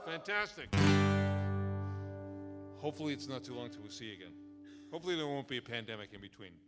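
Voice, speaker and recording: A singer-songwriter joking and chatting with a live audience from the concert stage. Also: male voice, mid-range voice, animated, fast, big-room sound, loud music behind the voice. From Alberta, Canada.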